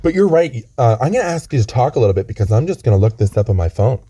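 A man with a chest cold, co-hosting a comedy chat in a rambling, deadpan way, often restarting his sentences. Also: medium pitch, racing, breathy edge. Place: outdoors on a lookout.

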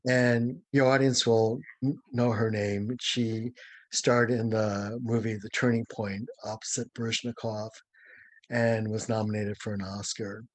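An older man, a former ballet dancer, telling lively, dramatic stories as an interview guest. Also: on the low side, unhurried, dry recording. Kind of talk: anecdotal storytelling.

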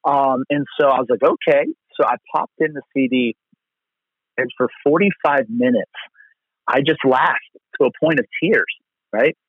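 A man from Pennsylvania with a husky, slightly rough voice tells faith stories as a guest evangelist. He speaks earnestly and rambles, often restarting his sentences. His voice comes through a thin, dry, tinny phone line. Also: medium pitch, normal speed, long pauses, dry recording. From Pennsylvania, USA.

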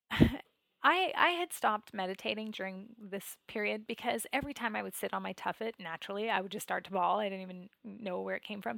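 A woman guest telling a personal story candidly and emotionally, with many "like" and "you know" fillers and swings between hushed and loud passages. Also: medium pitch, vocal fry, no room sound. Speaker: podcast guest.

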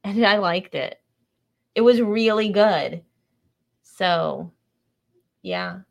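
A woman's voice: medium pitch, lively intonation, extremely slow, creaky. Matter-of-fact woman chiming in. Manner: brief, matter-of-fact replies. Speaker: vlog co-host. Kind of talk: casual chat.

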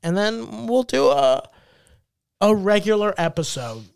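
A man's voice: high voice, animated, a little slow, creaky, clean tone, no echo, studio quality. A young man co-hosting a comedy podcast, a rambling storyteller who laughs often and acts out what others said. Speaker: podcast co-host and stand-up comedian. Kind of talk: casual comedic podcast chat.

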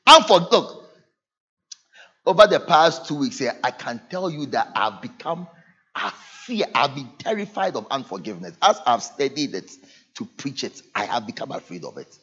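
A man's voice: fairly high pitch, normal speed, breathy edge. A man preaching a sermon as pastor, acting out the voices of people in his stories. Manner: lively preaching with dramatic acted quotes. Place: church. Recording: dull lo-fi church recording.

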